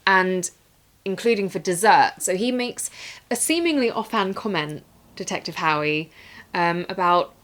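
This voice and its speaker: A woman's voice: fairly low pitch, animated, a little slow, a bit bright. A woman co-hosting a casual film review, retelling the plot thoughtfully and laughing often. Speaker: podcast co-host.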